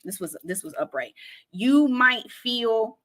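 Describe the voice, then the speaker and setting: A blunt woman gives a casual tarot reading to camera, swearing freely and laughing often. Her voice is a little high, expressive and slightly bright, and she slows down to stress her advice.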